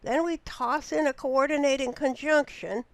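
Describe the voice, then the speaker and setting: A woman's voice: high voice, steady tone, dry recording. Dry, patient woman teaching grammar. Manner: patient, explanatory, slow and deliberate. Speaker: writing instructor. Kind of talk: recorded lecture on grammar.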